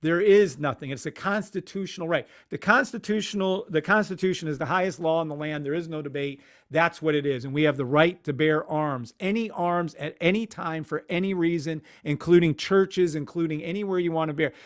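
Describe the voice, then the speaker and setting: A man's voice: fairly high pitch, fairly quick, few pauses. A man hosting a casual live stream, ranting animatedly with swearing and muttering to himself at his computer. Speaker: livestream host.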